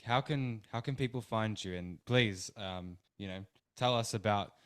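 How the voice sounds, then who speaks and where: A man's voice: on the low side, measured pace, fairly bright tone, clean tone, dry recording, clean studio sound. A man hosting a podcast, who speaks briefly and politely to encourage his guest. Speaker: podcast host. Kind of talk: podcast interview.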